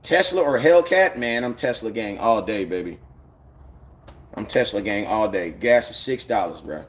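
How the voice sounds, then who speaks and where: A man's voice: on the low side, expressive, normal speed. A man chatting casually on a live stream, rambling in loose slang and greeting viewers by name. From United States.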